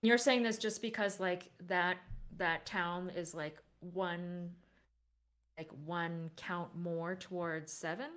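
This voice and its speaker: Low-voiced woman co-commentating a game. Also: steady tone, takes it slowly, a bit bright, clear, resonant tone. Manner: conversational, peppered with "like", asks questions. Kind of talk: casual livestream commentary on a board game.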